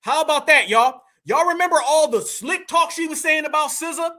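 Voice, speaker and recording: Male online commentator, very high and bright, emphatic slang-heavy delivery. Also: fairly quick. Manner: emphatic, street-slang, addresses viewers as fam and y'all. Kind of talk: opinionated commentary.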